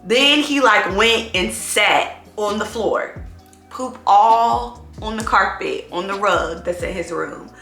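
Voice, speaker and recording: A woman's voice: mid-range voice, slow, bright, forceful tone, roomy sound, soft background music. A woman who is a single mom chatting casually to camera in a vlog, telling stories in a rambling way full of "like".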